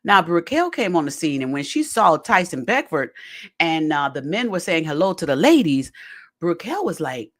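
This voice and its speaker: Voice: mid-range voice, big pitch swings, normal speed. A podcast host giving casual commentary on a reality show, talking straight to the listeners in a chatty way and repeating phrases for emphasis. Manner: addresses listeners directly as "y'all".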